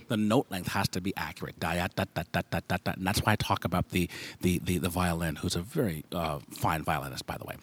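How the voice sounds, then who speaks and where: A man's voice: low-pitched, breathy edge. A man adjudicating a school band over a microphone, giving frank, specific feedback and singing rhythms aloud to show what he wants. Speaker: music festival adjudicator. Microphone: handheld microphone.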